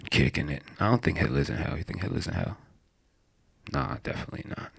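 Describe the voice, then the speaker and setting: A young man works through a stand-up set in a deep, low register with a gravelly edge. His delivery is crude and rambling, and he often breaks into laughter at his own jokes. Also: expressive, fast talker. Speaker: stand-up comedian.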